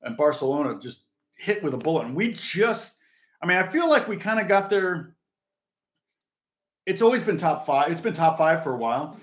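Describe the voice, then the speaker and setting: Older male guitar teacher, somewhat high-pitched, loose rambling chat to viewers, roomy echo. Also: very animated, moderate pace, long pauses. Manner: rambling, chatty, answers viewers' comments. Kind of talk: casual live-streamed guitar lesson. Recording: echoey room with guitar playing.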